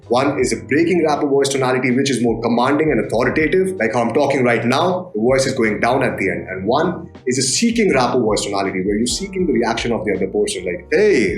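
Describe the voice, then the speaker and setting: A man's voice: medium pitch, echoey room. A man teaching dating tactics as a coach, emphatic and blunt, often checking in with "right?" and swearing for emphasis. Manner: emphatic, profane, repeats points with "right?". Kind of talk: instructional talk to camera.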